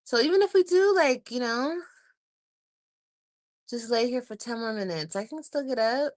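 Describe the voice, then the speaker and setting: A woman's voice: fairly high pitch, animated, dry recording. A woman in her thirties chatting casually on a livestream, tired, talking in a weary, sighing way. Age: 30s. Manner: weary, sighing, drawn-out talk. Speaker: livestreaming vlogger.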